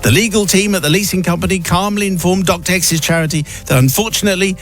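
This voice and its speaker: Give me a radio host with a somewhat high voice, reading a listener's letter with dry theatrical flair. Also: male voice, quick pace, a bit bright, soft background music.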